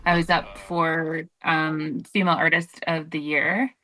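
A woman from Canada, a musician guest, speaking softly and reflectively with hesitant fillers, calling in to an interview. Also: low voice, level tone, unhurried. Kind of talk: interview over a call.

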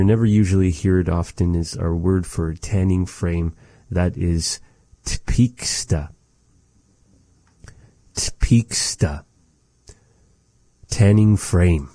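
Man, language teacher, deep low voice, slow delivery, casual joking asides, dry close sound. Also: mellow, no echo. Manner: repeats words slowly, chatty and joking asides. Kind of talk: casual vocabulary lesson.

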